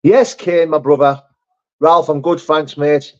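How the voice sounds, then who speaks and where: In slightly dull, lo-fi stream audio, a male livestream host with a higher-than-average voice speaks unhurriedly and with fairly even intonation. He reads out viewer comments and responds frankly, swearing casually.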